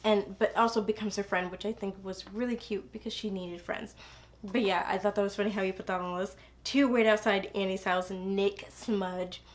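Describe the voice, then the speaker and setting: A woman's voice: medium pitch, little pitch movement, fast talker, a little hiss or hum. Gushing young woman reviewing a book. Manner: gushing, rambling with many fillers and restarts. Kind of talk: casual book review chat.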